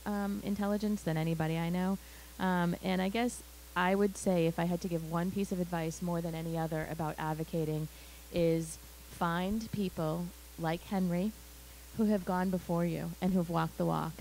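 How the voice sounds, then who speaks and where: A woman on a live community panel who speaks in an earnest, steady way. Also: lowish voice, moderate pace, slight background noise, rough recording. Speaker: parent panelist.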